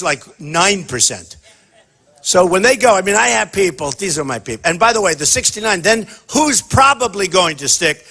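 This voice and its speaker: A husky-voiced man with a somewhat high pitch, holding forth at a campaign town hall. He talks off the cuff and boasts freely. He wanders from point to point and keeps circling back to the same phrases. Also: sharp tone. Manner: boastful, rambling, repeats himself. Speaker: political candidate at a town hall.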